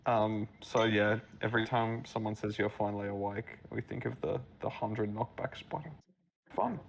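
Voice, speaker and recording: A man's voice: on the low side, normal speed, gravelly, slight background noise, rough recording. Rambling man chatting on a voice call. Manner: rambling, filler-heavy storytelling. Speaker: map builder guiding a playthrough. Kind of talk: casual gaming chat.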